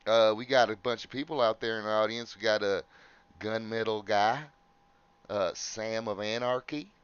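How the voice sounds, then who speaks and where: A man's voice: fairly low pitch, steady tone, moderate pace, clean tone, no echo, muffled recording. A man with a drawl hosting a comedy podcast, talking in a mock-earnest put-on persona. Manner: mock-earnest, breaks into laughter. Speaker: podcast host.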